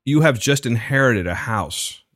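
Lively male host setting up bits. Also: mid-range voice, unhurried, no room sound, clean studio sound. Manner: sets up improv bits, swears casually. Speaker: podcast host. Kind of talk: casual chat.

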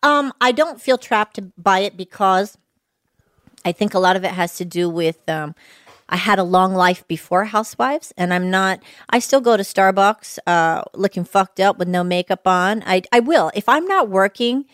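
A woman's voice: mid-range voice, lively intonation, normal speed, fairly bright tone, clean tone, no echo, studio quality. A middle-aged woman with a whiny voice, telling stories candidly in a casual interview and swearing freely. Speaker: podcast guest.

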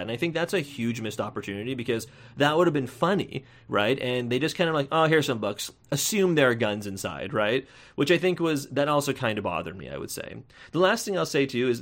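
A man hosting a podcast, giving a casual movie review in a rambling, chatty way with frequent tag questions and sudden jumps in pitch. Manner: chatty, tags lines with "right?". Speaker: podcast host.

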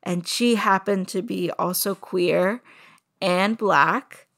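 A woman telling her own story as a personal testimony, soft and halting, with many pauses and fillers. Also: mid-range voice, gravelly.

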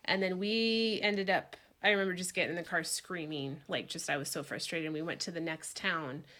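A woman in her forties tells a story in a loose, casual chat, her voice bright and ringing. She swears freely and jumps into the voices of the people she quotes, keeping the telling lively. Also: on the low side, fairly quick. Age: 40s.

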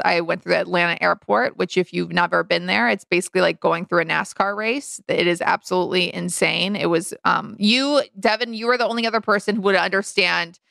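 A woman co-host telling a rambling family story in a relaxed podcast chat. Her voice is bright and edgy, with a gravelly fry at the ends of phrases. It sits smooth and close in a dry, dead room. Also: no room sound. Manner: chatty, acts out quoted lines with big pitch jumps.

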